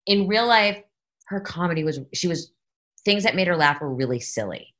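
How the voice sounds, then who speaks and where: Bright, chatty woman hosting. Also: on the low side, animated. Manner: chatty and laughing, quick asides. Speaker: podcast host. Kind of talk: casual interview chat.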